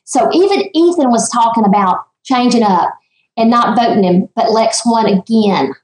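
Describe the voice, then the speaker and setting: A high-pitched woman in her fifties, speaking at a moderate pace, is an emphatic, animated guest in a casual interview chat. She tells stories with lively emphasis, and her voice carries a roomy echo on the line.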